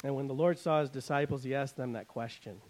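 A pastor preaching a sermon, swinging between loud emphasis and quiet asides, and paraphrasing scripture in a wry, conversational way. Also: male voice, medium pitch, quick pace, rough recording.

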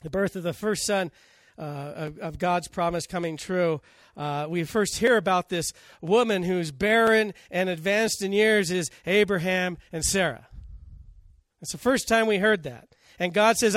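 High-voiced male preacher. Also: measured pace, a bit bright, dry recording, studio quality. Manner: storytelling, acting out scripture quotes. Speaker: pastor. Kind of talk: sermon.

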